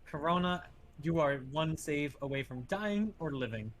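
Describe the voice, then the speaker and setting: A man's voice: fairly high pitch, lively intonation, moderate pace. A man playing in a casual tabletop game, thinking aloud about his spells and swearing now and then. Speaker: player.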